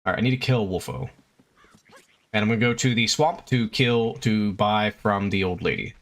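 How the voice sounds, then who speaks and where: Faint game music sits behind this young streamer, who comments casually on his gameplay, swearing often and addressing both his chat and the game itself. He speaks at a normal speed in a lowish voice.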